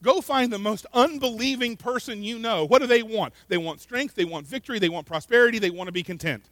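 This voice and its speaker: A man preaching a sermon in an earnest way, often repeating words and swinging between loud emphasis and quiet asides. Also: sits high, a little fast, no room sound. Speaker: pastor.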